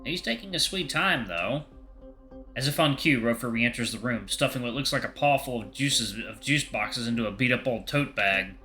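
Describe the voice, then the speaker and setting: A man's voice: medium pitch, fairly quick, hardly any pauses, sharp tone, soft background music. A man narrating a visual novel aloud in the first person, with wry asides. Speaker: game streamer reading a visual novel.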